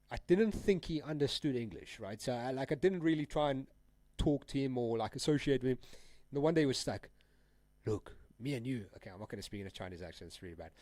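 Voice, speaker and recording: This is a young man from South Africa casually chatting on a live trading stream, quick-paced and expressive. His mid-range voice has a warm tone, recorded without echo. He comes across as laid-back, slangy and rambling, with frequent laughter.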